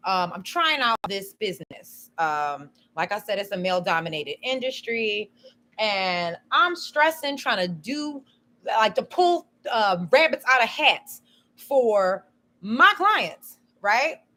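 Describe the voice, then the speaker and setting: A woman's voice: medium pitch, expressive, takes it slowly, sharp tone. A woman chatting casually on a live stream, telling a rambling story full of "you know" and "um".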